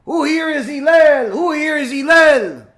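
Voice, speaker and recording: A man voicing a rude man who stands outside a house and shouts mocking questions at a sage. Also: extremely high pitch, a little slow, echoey room, pitched above the performer's own voice. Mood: shouting.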